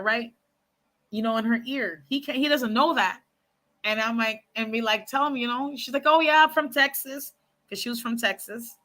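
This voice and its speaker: A woman talking casually to her viewers, giving frank dating advice and telling stories with lots of asides. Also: on the high side. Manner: chatty, frank, animated storytelling with many asides; speaks to viewers as y'all and ladies. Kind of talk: casual advice chat to camera.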